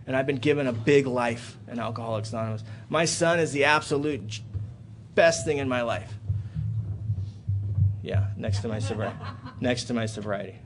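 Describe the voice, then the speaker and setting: A man in his thirties speaking at a recovery meeting in a hotel hall, telling a personal story and building to loud, animated outbursts. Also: medium pitch, normal speed, pauses often, music in the background. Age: 30s.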